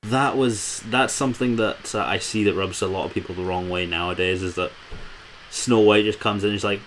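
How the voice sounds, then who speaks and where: A man's voice: lowish voice, fairly even intonation, a little fast, fairly bright tone, slight background noise, rough recording. A man co-hosting a podcast, chatting casually about an old film in a wry, amused way. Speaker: podcast co-host.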